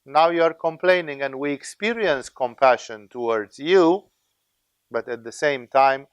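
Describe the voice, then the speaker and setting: A man's voice: medium pitch, measured pace, smooth, no echo. A man teaching as a spiritual teacher, lecturing in a discursive, conversational way with frequent tag questions.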